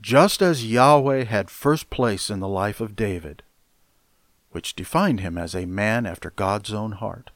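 A male pastor delivers his sermon slowly and deliberately, leaning hard on key words. His voice sits low, and the sound is dry and close with no room around it. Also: no echo. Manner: deliberate, emphatic preaching.

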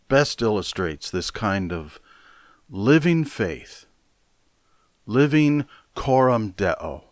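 A male pastor delivers his sermon slowly and deliberately, leaning hard on key words. His voice sits low, and the sound is dry and close with no room around it. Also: no room sound. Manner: deliberate, emphatic preaching.

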